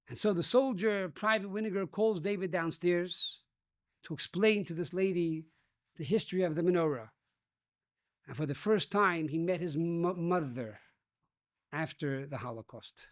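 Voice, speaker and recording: A man's voice: high voice, moderate pace, no room sound, clean studio sound. A rabbi giving a sermon, telling a story and addressing his listeners as dear friends.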